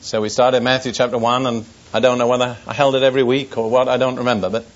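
Older preacher telling a wry war story. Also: male voice, mid-range voice, little pitch movement, fast. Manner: storytelling, dry humor, earnest warnings. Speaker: pastor. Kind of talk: sermon testimony. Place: church service before an audience. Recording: dull lo-fi recording.

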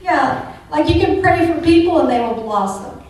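An older woman tells her personal faith testimony in an earnest, chatty way, pressing fervently on the words that matter to her. Her voice sits slightly high. She is recorded from some distance in a strongly echoing room, with a faint hiss of noise underneath. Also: animated, normal speed. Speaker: churchgoer giving a testimony.

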